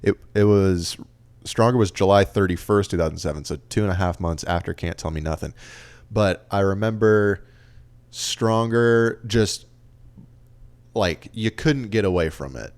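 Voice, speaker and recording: A man's voice: sits low, measured pace, darkish tone. A man in his late twenties co-hosting a podcast, chatting casually and reading out album stats and review quotes. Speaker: podcast co-host. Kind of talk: casual chat.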